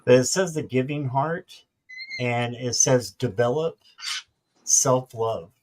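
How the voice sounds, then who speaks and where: A man's voice: mid-range voice, measured pace, background noise. A man guesting on a tarot stream, reading cards in a chatty, friendly way. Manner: warm, chatty, laughs at his own mispronunciations.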